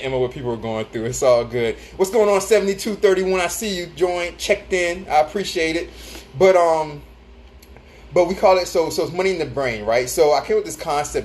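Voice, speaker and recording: A man's voice: a little high, a little hiss or hum. A man hosting a casual livestream on his phone, telling stories animatedly, laughing often and greeting viewers. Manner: laughs often while talking, animated storytelling; reads out and greets viewer comments. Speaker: livestream host.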